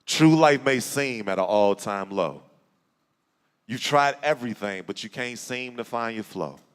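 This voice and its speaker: A man from Chicago performing spoken-word poetry to a church audience, with a rhythmic, rhyming delivery that rises to shouts. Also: medium pitch, lively intonation, unhurried, clear, resonant tone. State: out of breath. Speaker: guest spoken-word poet. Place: church sanctuary with live audience. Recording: echoey hall with audience.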